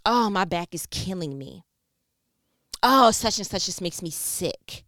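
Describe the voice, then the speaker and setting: A woman's voice: fairly low pitch, expressive, measured pace, fairly bright tone, no room sound, studio quality. Woman mimicking a grumbling, broke mother. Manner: grumbling, repetitive complaints. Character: worn-down complaining mother, always broke.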